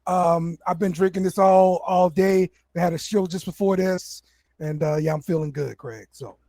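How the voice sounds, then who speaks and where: A man's voice: high voice, moderate pace, mellow, no room sound, clean studio sound. A man hosting a casual sports chat show, laid back, often repeating words and laughing. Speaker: podcast host.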